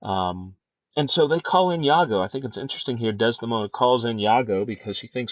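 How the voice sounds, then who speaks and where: A man's voice: mid-range voice, a little fast, no echo. A man teaching a lesson on a play, talking casually with many fillers and restarts. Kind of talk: lecture on a play, reading quotes aloud. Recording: dry, dull lo-fi recording.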